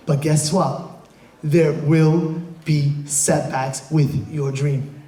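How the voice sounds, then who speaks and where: A man, a rabbi, giving a motivational sermon to a room full of people, emphatic, dropping low for asides and then shouting rhetorical questions. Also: little pitch movement, very slow. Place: room with a live audience. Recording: echoey room.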